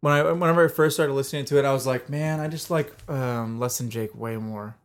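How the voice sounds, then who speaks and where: A young man co-hosting a podcast, chatting in an easygoing, agreeable way and often pausing on fillers. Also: medium pitch, fairly even intonation. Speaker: podcast co-host. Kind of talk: casual chat.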